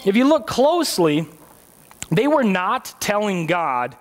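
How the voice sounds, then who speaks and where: A man with a notably high voice delivers a sermon in a church. He keeps it conversational, joking with his listeners and putting rhetorical questions to them. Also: animated, unhurried. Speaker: pastor.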